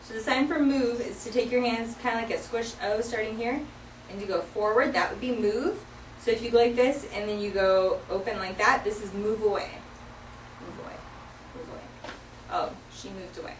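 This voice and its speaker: A woman's voice: a little high, steady tone, normal speed, slight background noise. A woman teaching a sign language vocabulary lesson in a classroom, explaining each sign patiently, step by step, with many fillers. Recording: echoey classroom from far off.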